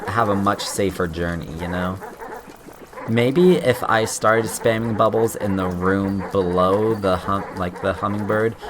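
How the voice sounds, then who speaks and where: A low-voiced man streams a game he's playing blind, thinking aloud in casual commentary, swearing often, restarting sentences and yelping suddenly when things go wrong. Background noise is audible.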